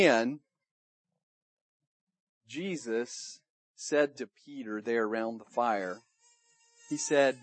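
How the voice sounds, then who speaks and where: A man preaching a sermon to his church, retelling the story in a lively way and acting out the people he quotes. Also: medium pitch, very slow, pauses often, dry recording. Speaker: pastor. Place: church service room.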